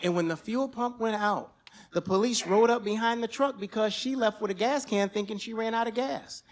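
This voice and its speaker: High-voiced man telling a story. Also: normal speed. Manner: animated, profane, breaks into shouting. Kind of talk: live stage storytelling. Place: stage at a live storytelling event.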